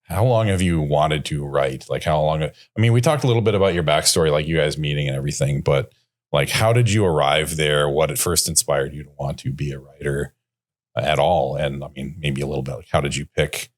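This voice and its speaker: Really deep voiced guy cohosting a podcast, dry jokes, careful questions. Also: fairly quick. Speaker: podcast co-host. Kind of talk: casual podcast chat.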